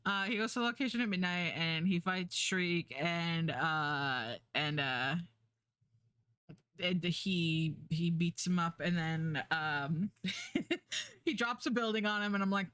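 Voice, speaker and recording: A woman's voice: fairly low pitch, slow, fairly bright tone, clean tone, no echo. A woman streamer chatting casually, rambling with lots of fillers and restarts, swearing and laughing as she recaps a show while doing a puzzle. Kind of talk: casual chat.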